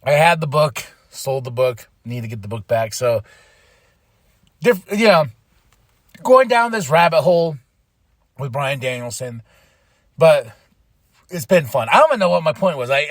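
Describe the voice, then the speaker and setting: A man hosting a podcast, rambling excitedly through a casual wrestling recap, laughing and losing his train of thought. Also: a little high, moderate pace, pauses often, dry recording, clean studio sound. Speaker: podcast host.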